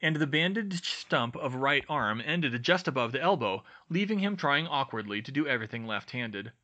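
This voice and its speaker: A man narrating a fan-fiction audiobook in a clear, steady storytelling manner. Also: mid-range voice, normal speed, lo-fi sound.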